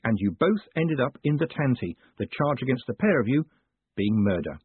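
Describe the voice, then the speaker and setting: A man voicing a smooth-talking, cocky young con man who is glib and persuasive. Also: mid-range voice, very animated, normal speed, dry recording, pitched above the performer's own voice. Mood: smug. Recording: phone-like dry audiobook sound.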